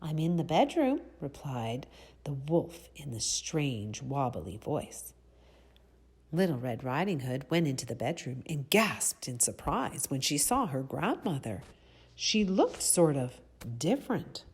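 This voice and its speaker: A woman reading a storybook aloud to children, gently pausing to ask them questions. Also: a bass voice, expressive, slightly rough.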